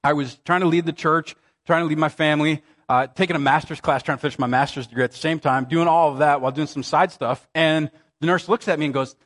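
Animated high-voiced male pastor preaching. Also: fast. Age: 30s. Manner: animated, conversational storytelling with dramatic scripture reading. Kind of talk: sermon.

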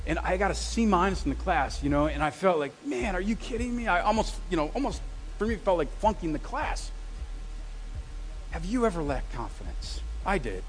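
Male pastor, higher voice, sermon in a reverberant church, humorous storyteller. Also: fairly quick. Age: adult with a wife, past graduate study. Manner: lively storytelling with self-deprecating humor. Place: church sanctuary. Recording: long reverb of a church hall.

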